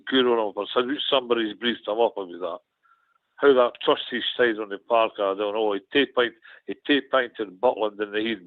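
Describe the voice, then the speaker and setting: A man's voice: on the low side, dry recording. A Scottish man on a football phone-in, frank and grumbling, repeating himself. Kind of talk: casual football phone-in chat. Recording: tinny phone line.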